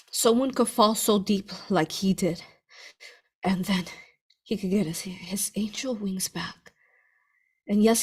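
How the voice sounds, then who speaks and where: A woman author talks freely to her audience in a casual monologue, piling up fillers and restarts as she goes. Her voice sits at a medium pitch. She swings between excited, loud outbursts and quiet, hushed asides. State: tearful at moments. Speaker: author answering readers' questions.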